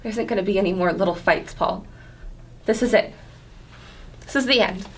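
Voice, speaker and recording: A woman's voice: mid-range voice, normal speed, noisy background, natural voice. A young woman acting an impulsive, fun-loving newlywed wife, emotional and dramatic. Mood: tearful. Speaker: acting student. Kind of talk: scene study stage acting.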